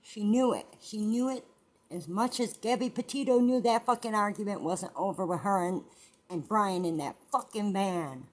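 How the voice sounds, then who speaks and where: A woman's voice: mid-range voice, normal speed. A woman chatting casually as co-commentator, swearing and emphatic. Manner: profane, emphatic. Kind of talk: casual chat.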